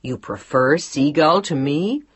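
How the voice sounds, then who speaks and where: A woman voicing an emotional young man in love in an audiobook, speaking softly and tenderly. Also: deep voice, slow, husky, no echo, full character voice. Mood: loving.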